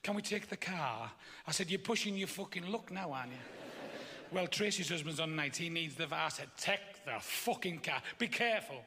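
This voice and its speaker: A man telling a stand-up joke in a dry, deadpan way with swearing. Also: a little high, moderate pace, background noise. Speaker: stand-up comedian. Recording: long hall reverb from off mic.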